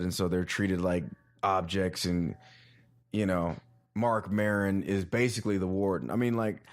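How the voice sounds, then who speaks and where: Guy rambling on his podcast, lowish voice, swears a lot, gets excited. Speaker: podcast host. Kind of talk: casual chat.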